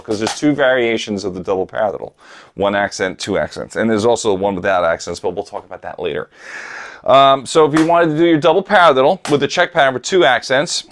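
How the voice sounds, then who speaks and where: A middle-aged man gives a drum lesson, speaking directly to his students. He explains rudiments in a coaching tone and counts out the patterns aloud. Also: medium pitch. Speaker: drum teacher. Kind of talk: instructional talk to camera.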